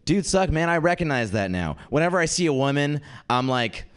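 A young man hosts a comedy night at a venue with a live audience and performs a self-mocking stand-up set. He's lively, slipping into mock voices when quoting people. His voice is on the high side, brisk and clean.

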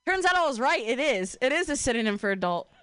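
A young woman from Ohio working through a stand-up set in a voice pitched a little high. She talks casually and swears freely, keeps a deadpan tone and laughs at her own lines. The sound is close and dry, with almost no room around it. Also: quick pace, clear, resonant tone, dry recording. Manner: casual, profane, deadpan delivery with frequent laughs. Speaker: stand-up comedian.

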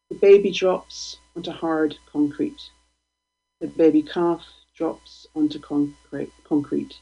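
A woman, a guest poet, reading her poems aloud in a slow, deliberate, provocative way. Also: sits low, creaky, warm tone, husky. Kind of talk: poetry reading. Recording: dull lo-fi radio stream.

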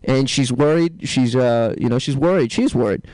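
A man doing a stand-up comedy set, telling dark jokes deadpan and tossing asides to the crowd. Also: mid-range voice, normal speed, no room sound, low-quality recording.

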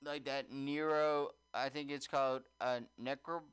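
A man's voice: mid-range voice, flat delivery, unhurried, fairly bright tone, smooth, dry recording. A man hosting a casual radio chat, rambling and cursing, filling his talk with "like". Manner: rambling and profane, full of "like". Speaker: radio show host.

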